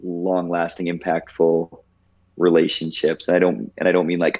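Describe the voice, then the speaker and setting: Deep-voiced man in his thirties, reflective. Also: level tone, moderate pace, darkish tone, dull audio. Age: 30s. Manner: reflective, heavy use of "like". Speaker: podcast guest. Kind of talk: casual storytelling.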